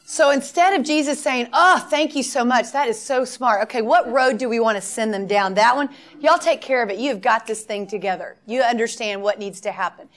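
A middle-aged woman delivers a sermon with a slightly high voice. She tells stories, acts out the dialogue in different voices and drives points home with emphatic repetition. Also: brisk, few pauses, fairly bright tone. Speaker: preacher.

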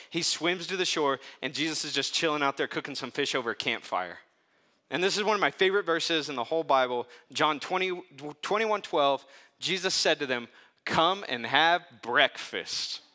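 A male pastor delivering a sermon in a relaxed, conversational manner, slipping into lively storytelling and casual asides. His voice is bright and forceful, set a little higher than most men's.

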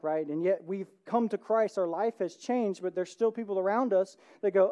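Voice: medium pitch, brisk, hardly any pauses, warm tone. A pastor giving a conversational sermon at a church service, talking informally and often checking in with the listeners by asking "right?".

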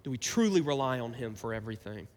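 A man's voice: medium pitch, lively intonation, fast talker, darkish tone, long reverb tail. A man preaching a sermon as pastor, talking conversationally and asking his listeners rhetorical questions.

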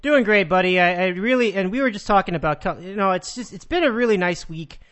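A man's voice: high voice, fast, a bit bright. A man hosting a sports podcast, chatting casually and upbeat with callers, laughing easily.

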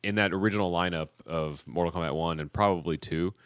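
A man's voice: low voice, fast, fairly bright tone, smooth, no echo. A man hosting a podcast in casual chat, rambling with many fillers and restarts. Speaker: podcast host.

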